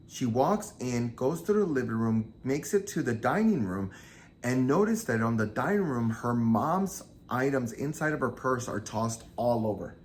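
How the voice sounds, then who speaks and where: A man's voice: medium pitch, unhurried. Man animatedly retelling a true crime story. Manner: animated retelling, acts out quoted lines. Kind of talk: casual storytelling.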